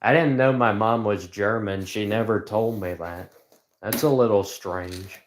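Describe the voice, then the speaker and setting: A man rambling sarcastically on a livestream from inside a house, joking in deadpan asides. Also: lowish voice, a little slow. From rural United States. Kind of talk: rambling comedic livestream chat. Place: indoors in a house.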